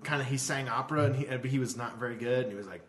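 A man's voice: medium pitch, very fast, a bit bright, echoey room. A man in casual podcast chat, talking loosely with lots of fillers and trailing thoughts. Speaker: podcast co-host.

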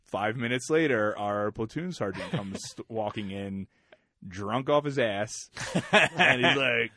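A man with a very low, deep voice spins a story for his co-hosts at an easy, unhurried clip. He swears freely and keeps it laid-back. The sound is close and dry, with no room around it. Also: no echo. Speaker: podcast co-host. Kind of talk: casual storytelling chat.

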